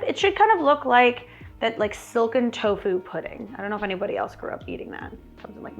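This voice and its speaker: A woman's voice: on the high side, vocal fry. A woman hosting a cooking show in her home kitchen, chatty and wry as she talks through each step. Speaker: cooking channel host. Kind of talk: casual cooking demonstration.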